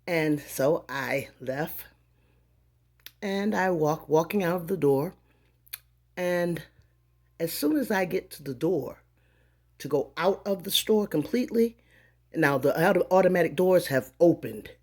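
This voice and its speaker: Animated gravelly-voiced woman in her fifties. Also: fairly low pitch, measured pace, pauses often. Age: 50s. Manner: animated, acts out dialogue in voices. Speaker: vlogger. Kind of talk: casual storytelling.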